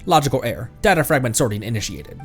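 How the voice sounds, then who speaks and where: A man reading the lines of a calm, formal robot dog companion from a game. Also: mid-range voice, quick pace, soft background music. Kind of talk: game dialogue read aloud on stream.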